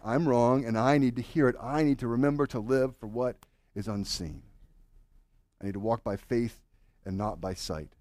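A married man preaching a sermon to his congregation, swinging from loud urging to hushed, earnest questions. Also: mid-range voice, no echo, clean studio sound. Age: adult, married with children. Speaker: pastor.

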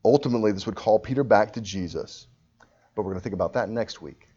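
A man preaching a sermon with passion, his voice swelling loud at high points. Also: quick pace, slightly rough, muffled recording. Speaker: pastor.

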